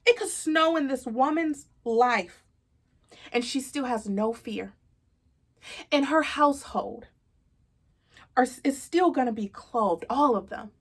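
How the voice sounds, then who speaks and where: A woman in her thirties hosting a casual devotional talk, earnest and chatty, calling listeners y'all with plenty of fillers. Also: a little high. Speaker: host of a faith talk show.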